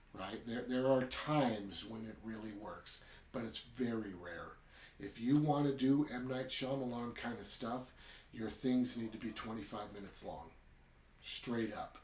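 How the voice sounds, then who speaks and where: A man hosting a podcast, casually retelling a short story and then reviewing it in a rambling way, often tacking on "right?". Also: mid-range voice. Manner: chatty, rambling, keeps adding "right?". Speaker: podcast host. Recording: roomy echo.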